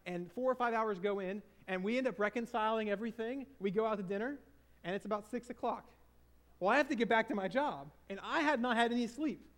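High-voiced earnest man telling a story. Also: fairly quick, fairly bright tone. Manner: earnest, confessional, repeats phrases for emphasis. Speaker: speaker and former hospital chaplain. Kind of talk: personal storytelling talk to an audience.

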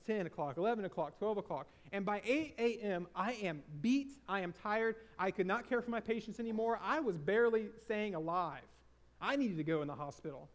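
A man speaking to an audience, a former hospital chaplain telling a personal story in an earnest, confessional way and repeating phrases for emphasis. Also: high-pitched.

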